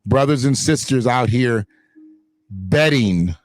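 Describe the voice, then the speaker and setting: A man's voice: medium pitch, expressive, slow pace, no echo. A man hosting his own online show, talking in blunt, profane, emphatic casual commentary.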